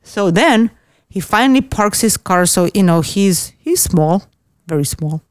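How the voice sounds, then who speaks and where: A woman's voice: mid-range voice, a little slow, clean tone, no echo. Woman, from Austria, casual storyteller, blunt and profane, dry studio sound. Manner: blunt, swears freely, animated storytelling. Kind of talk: casual chat.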